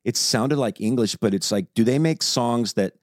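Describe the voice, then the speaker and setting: A woman co-hosting a casual family podcast, playful and meandering, quick to joke. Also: rumbling low, a little mellow, dry recording, clean studio sound. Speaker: podcast co-host.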